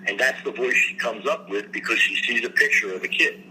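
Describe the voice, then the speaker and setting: A man chatting casually about voice acting, telling stories with an animated delivery. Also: medium pitch, a little fast, low-quality recording. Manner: animated, slips into impressions. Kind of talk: casual storytelling chat. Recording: faint background noise.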